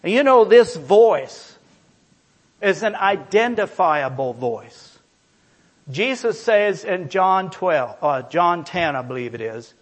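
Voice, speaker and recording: Male pastor, high voice, measured delivery; emphatic sermon with scripture reading. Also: very animated. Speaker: preacher.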